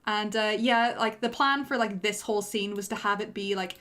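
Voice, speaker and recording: A woman's voice: mid-range voice, steady tone, moderate pace, pushed and bright, faint music behind. A young woman giving loose, self-deprecating director's commentary on her own animation during a livestream, full of fillers. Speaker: animator and streamer.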